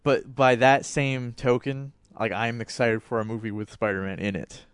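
A man in a casual movie chat, playful and keen on pitching ideas. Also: steady tone, normal speed, clean tone, no echo, clean studio sound.

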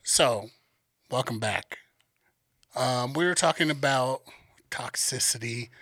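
A man with a gravelly, mid-pitched voice tosses out teasing, profane quips as he co-hosts a casual podcast. The recording is dry and close. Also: a bit bright, dry recording. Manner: teasing, quick wisecracks, profane. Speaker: podcast co-host. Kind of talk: casual chat.

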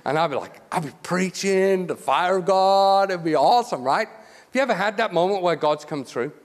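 High-voiced man preaching in a reverberant church. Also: expressive, moderate pace. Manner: conversational, joking, many restarts and "you know". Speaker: guest preacher. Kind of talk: lively sermon. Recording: long church hall reverb.

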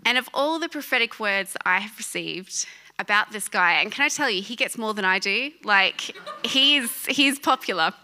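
A woman in her thirties preaching a sermon, telling a personal story in an animated way and laughing often. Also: mid-range voice, moderate pace, background noise.

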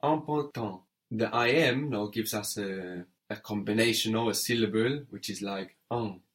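Patient low-voiced male French teacher. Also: measured pace, fairly bright tone. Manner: patient, methodical, prompts and spells out letters. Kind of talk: audio language lesson.

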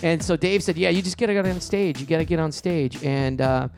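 Fast-talking middle-aged man, animated storyteller. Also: fairly high pitch, soft background music. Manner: animated, quick storyteller who acts out quotes in a raised voice. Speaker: comedian and show producer, guest. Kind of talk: casual storytelling in a podcast interview.

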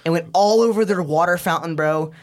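Young guy telling a wild story, slightly high voice. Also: brisk. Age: young adult. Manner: profane, slangy, keeps saying "bro"; laughs at his own story. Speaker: podcast guest. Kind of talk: casual storytelling.

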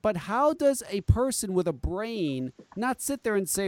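Male podcast host, animated swearing storyteller, higher-pitched, dry close mic. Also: a little slow, hardly any pauses, no echo. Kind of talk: casual chat.

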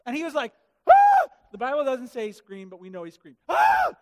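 High-voiced preacher guy, super animated, acts out characters with goofy voices, long hall echo. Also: fast talker, background noise. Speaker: pastor. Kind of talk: sermon. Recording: hall reverb.

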